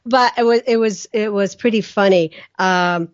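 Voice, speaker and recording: A middle-aged woman speaking as a guest on a podcast, animated and storytelling, acting out her quoted lines with laughter. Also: mid-range voice, moderate pace, no room sound. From Pennsylvania, US. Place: her home office. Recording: dry, slightly dull sound.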